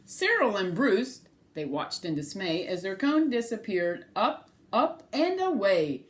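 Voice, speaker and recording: A woman reading a rhyming picture book aloud to children, animated and sing-song, stopping to ask the children questions. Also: mid-range voice, a little slow.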